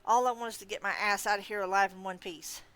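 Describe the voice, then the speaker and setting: A woman's voice: mid-range voice, fairly even intonation, fast talker, fairly bright tone, clear, resonant tone, natural voice. A woman voicing a jittery, panicky young male photographer who babbles, stammers and pleads. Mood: defensive.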